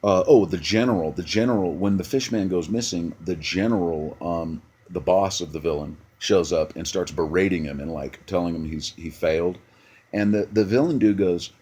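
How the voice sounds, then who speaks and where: A man with a very low, husky voice rants casually about a movie, blunt and profane. He stumbles through restarts and keeps coming back to "dude.". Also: normal speed, a little mellow. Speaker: movie reviewer. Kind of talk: casual rant.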